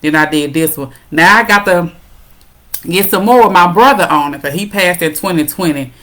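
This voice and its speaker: A middle-aged woman hosting a parenting talk show, speaking casually and warmly to her viewers, calling them "y'all". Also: on the low side, moderate pace. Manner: warm encouraging, addresses viewers as "y'all".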